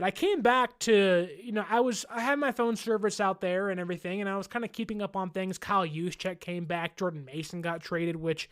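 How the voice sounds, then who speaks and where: A man hosting a sports podcast, talking casually and laughing often, sometimes mimicking fans in exaggerated voices. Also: high voice. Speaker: podcast host.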